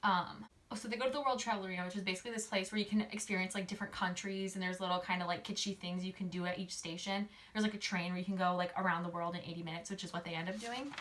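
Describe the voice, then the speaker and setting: Woman, casual book recap, chatty, lots of fillers, quick quoted asides. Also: on the low side, fairly even intonation, fairly bright tone. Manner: chatty, filler-heavy, uses "like" a lot; acts out characters' lines in quick quoted voices. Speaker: book summary host.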